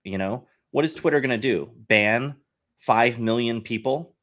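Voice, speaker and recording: A man's voice: mid-range voice, a little slow, fairly bright tone. A man, a guest on a podcast, talking at length in an earnest, explaining way with frequent restarts. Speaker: podcast guest, satire site head. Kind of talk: casual podcast conversation.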